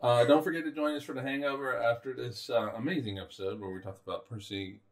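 A man co-hosting a podcast in casual chat, easygoing and halting with ums. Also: mid-range voice, fairly even intonation, reverberant. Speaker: podcast co-host.

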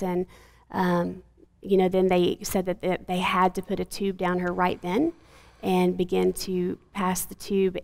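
Woman in her 40s telling a hard story, creaky voice, lots of ums. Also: medium pitch, warm tone. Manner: earnest, halting with frequent fillers. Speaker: guest, mother of a sick child. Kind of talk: emotional personal testimony in an interview.

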